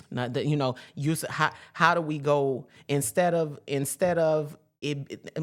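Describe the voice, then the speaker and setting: A woman giving an informal spiritual teaching, emphatic and preachy, swearing freely in slangy talk and repeating phrases for emphasis. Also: rumbling low.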